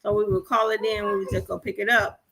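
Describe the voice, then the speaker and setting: A forty-something woman co-hosting a podcast tells stories with animation, performing the dialogue and swearing freely in a casual chat. She speaks at a quick pace in a gravelly, mid-range voice with little pitch movement, over heavy background noise.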